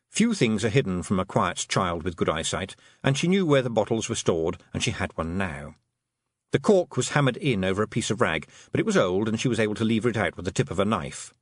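Expressive male audiobook narrator. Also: on the low side, brisk, no room sound, clean studio sound. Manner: expressive, varied storytelling. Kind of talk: scripted narration.

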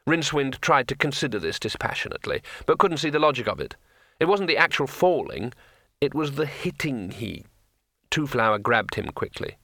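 A man narrating a comic fantasy audiobook with expressive, crisp storytelling. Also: mid-range voice, moderate pace, no room sound, studio quality. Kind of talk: audiobook reading.

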